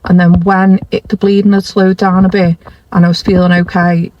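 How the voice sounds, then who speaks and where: A woman's voice: lowish voice, level tone, moderate pace, highs cut off. Chatty woman telling a story. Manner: rambling, self-correcting, confessional. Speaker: vlogger. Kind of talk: casual storytelling to camera.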